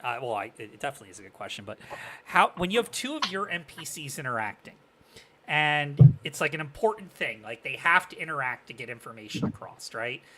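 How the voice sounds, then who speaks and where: Male podcast host, bright tense tone, casual questions. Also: mid-range voice, sing-song, fairly quick, slight background noise. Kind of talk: podcast interview.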